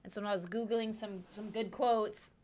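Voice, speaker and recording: A woman's voice: medium pitch, fairly even intonation, moderate pace, darkish tone. A woman streaming a video game, chatting casually with rambling asides and frequent laughter. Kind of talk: casual gameplay commentary.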